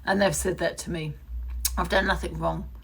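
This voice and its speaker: A woman's voice: fairly low pitch, steady tone, moderate pace, creaky, fairly bright tone, breathy edge. A woman ranting angrily on a live stream, swearing and repeating accusations. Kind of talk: heated live-stream rant.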